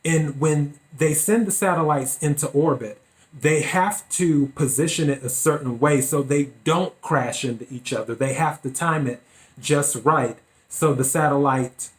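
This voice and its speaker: A man hosting his own podcast, giving deliberate, opinionated solo commentary. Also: medium pitch. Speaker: podcast host.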